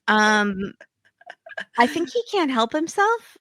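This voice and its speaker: A woman's voice: on the high side, sing-song, takes it slowly, a bit bright, dry recording. A woman hosting a podcast, chatting casually and with strong opinions about a reality TV episode. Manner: opinionated, quips, acts out quotes. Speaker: podcast host. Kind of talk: casual chat recapping reality TV.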